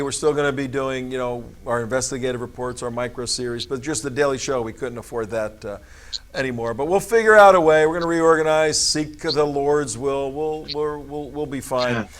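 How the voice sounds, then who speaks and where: A man's voice: mid-range voice, fairly bright tone. A man hosting a talk show, rambling and jokey with his guest. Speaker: show host.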